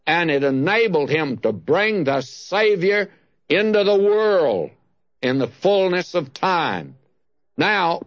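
A man delivers a Bible teaching at an unhurried pace, his pitch rising and falling widely as he leans on key words. His voice sits a little high for a man. The recording is dull, lo-fi and dry. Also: no echo. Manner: deliberate, stresses key words, reads scripture aloud with rising emphasis.

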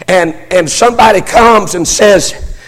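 Older preacher, high husky voice. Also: male voice, a little slow, long reverb tail. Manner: fervent preaching that swells into shouting, with many stammered restarts. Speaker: pastor. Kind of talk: sermon.

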